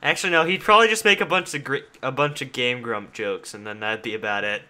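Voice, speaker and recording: Bright-voiced man bantering over a game. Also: medium pitch. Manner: joking, teasing, quick back-and-forth. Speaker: server owner and group leader. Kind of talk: casual gaming chat.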